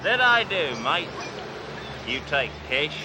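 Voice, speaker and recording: A man's voice: a little high, sing-song, slow pace, over loud music, pitched above the performer's own voice, low-quality recording. An actor doing a put-on Australian accent as a boastful male tycoon, with a blustery, bragging delivery. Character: loud fake Aussie tycoon, boastful male car buyer.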